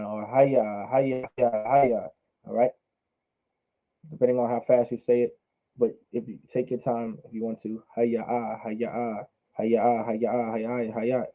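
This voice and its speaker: A man teaching a language class online, drilling words by repeating them slowly. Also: mid-range voice. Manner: repetitive, drills pronunciation slowly. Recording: phone-like narrow sound.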